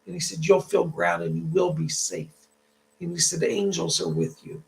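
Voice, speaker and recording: Guy doing live psychic readings on a stream, kinda high voice, very gravelly, thanks ppl for donations and passes on spirit messages. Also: level tone, moderate pace, poor audio. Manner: chatty, relays spirit messages in a reassuring way; thanks viewers and reads out donations. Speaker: psychic medium.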